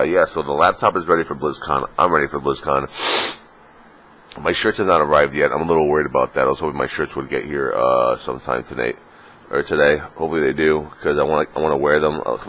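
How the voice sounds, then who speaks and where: A man's voice: a bass voice, fast talker, creaky, a bit bright, a little hiss or hum. A man vlogging casually, joking crudely and rambling with lots of fillers, a little sniffly in the morning. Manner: crude, joking, full of fillers, slips into mocking put-on voices. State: sniffly, just woke up. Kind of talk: casual vlog rant.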